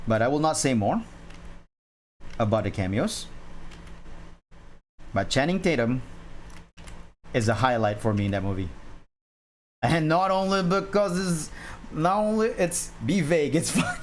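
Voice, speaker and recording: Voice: medium pitch, slight background noise. Chatty, laughing drawing streamer. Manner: rambling, chatty, frequent laughter and restarts; reads and answers chat questions. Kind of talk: casual livestream chat.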